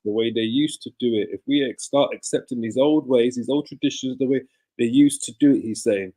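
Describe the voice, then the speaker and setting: Male clip commentator with a mellow, dark tone who restates quotes and spells out their meaning. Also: medium pitch, fairly quick. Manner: explanatory, repeats and restates the quotes. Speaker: commentator on played clips. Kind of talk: commentary between clips.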